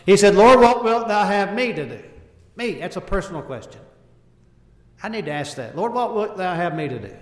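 Preacher guy, bit high voice, punchy short phrases, big echoey hall. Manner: earnest, quotes scripture in King James wording; speaks in short emphatic phrases, voice rising and falling in volume. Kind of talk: sermon. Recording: echoey hall with long reverb.

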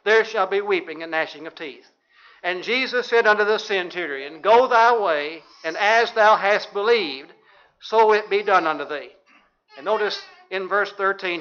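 Male preacher, high bright voice, reads scripture, dull lo-fi sound. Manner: reads scripture in King James wording, asks the listeners questions. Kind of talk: sermon. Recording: dull lo-fi recording.

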